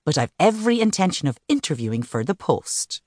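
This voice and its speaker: Woman reading as a bubbly cheeky young teacher gal, chatty and playful, low-ish voice, dry close sound. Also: big pitch swings, a little fast, a little mellow, dry recording. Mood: teasing.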